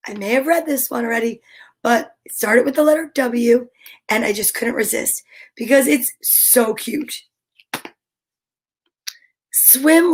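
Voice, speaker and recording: A woman reading picture books aloud to children, gentle and encouraging, asking questions and counting along with them. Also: high voice. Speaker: children's story reader.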